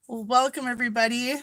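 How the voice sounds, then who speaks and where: A woman's voice: on the high side, fairly bright tone, low-quality recording. A woman from Minnesota hosting a casual live-stream chat from home, greeting viewers by name and laughing often.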